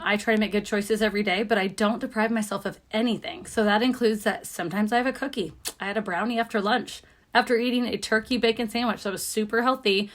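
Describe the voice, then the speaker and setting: A woman in her thirties, a nurse practitioner, giving viewers an upbeat, emphatic, chatty rundown of supplements. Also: mid-range voice. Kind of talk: casual product rundown to viewers.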